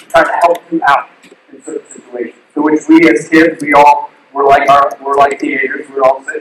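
A male pastor giving a sermon in an animated way, asking the crowd questions and acting out the quotes he tells. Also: medium pitch, moderate pace, a little hiss or hum. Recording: distant mic in a very echoey hall.

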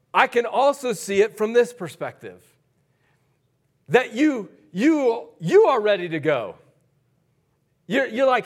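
A man preaching a sermon as pastor, conversational and energetic, swinging between loud bursts and quiet asides. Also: sits high, slow pace, long pauses.

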